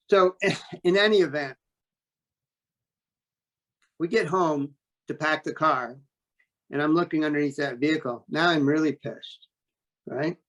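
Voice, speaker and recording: A man telling a story as an interview guest, talking in a blunt, animated way and swearing freely. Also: on the high side. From New York State. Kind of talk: casual storytelling.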